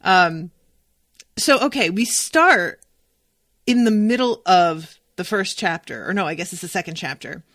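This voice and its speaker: A young adult woman hosting a solo book podcast, talking in a chatty, animated way and swearing freely. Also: lowish voice, unhurried, no room sound, studio quality. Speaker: podcast host. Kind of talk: casual solo book discussion.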